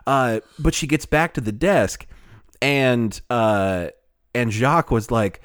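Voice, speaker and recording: A man co-hosting a casual chat show, animated and laughing often, often trailing off as he searches for words. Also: medium pitch, slow, clear, resonant tone, no echo, studio quality. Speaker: podcast co-host.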